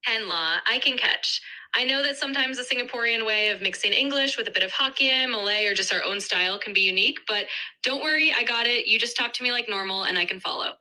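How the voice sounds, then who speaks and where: Quick, bright AI woman's voice. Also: a little high, rough recording. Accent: American. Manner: upbeat, reassuring, polished. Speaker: AI voice assistant. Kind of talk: synthetic assistant chat.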